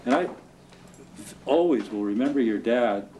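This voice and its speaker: An older man from the Northern California coast recalling childhood memories in an unhurried way, laughing through vivid moments, at a museum talk. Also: mid-range voice, lively intonation, a little mellow. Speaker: storyteller guest. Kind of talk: anecdotal storytelling. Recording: distant mic with clear background noise.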